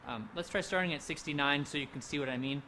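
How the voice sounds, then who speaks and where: A man leading a handbell rehearsal, coaching players through measures and singing the rhythms on nonsense syllables in a relaxed, encouraging way. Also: fairly high pitch, fast, slight background noise. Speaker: handbell director. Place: home, recorded for a virtual event.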